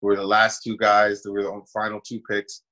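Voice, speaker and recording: Low-voiced man telling a story. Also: fairly quick, highs cut off. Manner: animated storyteller, acts out quoted voices. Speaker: actor guest. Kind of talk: casual storytelling interview.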